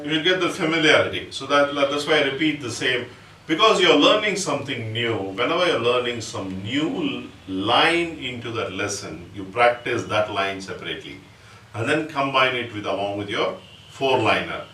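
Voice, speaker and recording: A man with an Indian English accent teaching percussion, explaining step by step and reciting drum syllables slowly. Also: medium pitch, lively intonation, pushed and bright. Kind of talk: music lesson with spoken rhythm syllables. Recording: roomy, distant mic, audible background noise.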